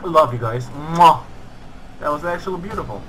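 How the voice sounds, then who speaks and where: Excitable young man commentating a game. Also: fairly high pitch, normal speed, slight background noise, poor audio. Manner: excitable, swearing, yells at the bots. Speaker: gaming channel host. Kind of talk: gameplay commentary.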